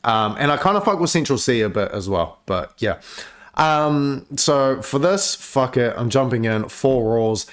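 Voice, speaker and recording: A man's voice: medium pitch, expressive, a little slow, fairly bright tone. A man giving casual, profane reaction commentary on music, chatty and laid-back with lots of filler words.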